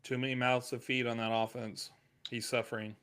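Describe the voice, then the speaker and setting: An American man co-hosting a live fantasy football show, relaxed and reading out viewer questions. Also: medium pitch, fairly quick, clean tone. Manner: laid-back, reads viewer questions. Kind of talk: casual live podcast chat.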